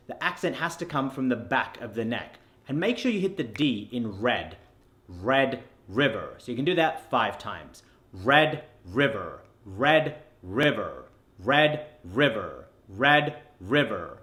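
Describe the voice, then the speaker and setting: Lively Australian man coaching accents. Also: mid-range voice. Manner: instructive, demonstrates sounds in drills. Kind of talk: accent lesson.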